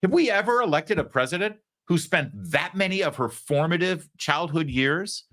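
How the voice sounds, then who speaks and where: A man's voice: on the high side, animated, moderate pace, a bit bright, no room sound, studio quality. A male talk show host from Michigan, giving sarcastic, mocking political commentary over clips.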